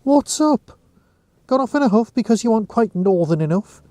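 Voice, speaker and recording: A woman's voice: fairly high pitch, animated, moderate pace, mellow, no echo, pitched above the performer's own voice, lightly acted. A man voicing a cheeky young woman who teases her companion. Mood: teasing. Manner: teasing and mocking.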